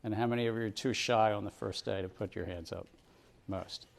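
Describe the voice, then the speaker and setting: A man's voice: on the low side, steady tone, brisk, gravelly. A middle-aged man giving a university lecture, chatty and often putting questions to the students in a room with round tables. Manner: conversational, questions the class often.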